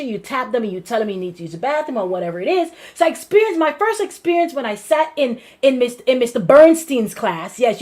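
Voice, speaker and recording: Guyanese woman pastor, lively testimony, somewhat high voice, repeats herself while telling it. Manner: animated storytelling with repetitions and restarts. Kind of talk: personal testimony to a congregation.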